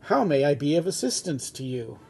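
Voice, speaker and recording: A man's voice: fairly high pitch, sing-song, moderate pace, vocal fry, mellow, breathy edge, full character voice. A man doing a curt, officious phone operator. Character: prim, overworked phone operator. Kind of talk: comic script reading.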